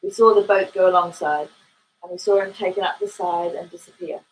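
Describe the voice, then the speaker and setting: A woman with an Australian accent, reading a classic novel aloud at an unhurried, expressive pace. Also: on the low side, poor audio. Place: home in Ireland.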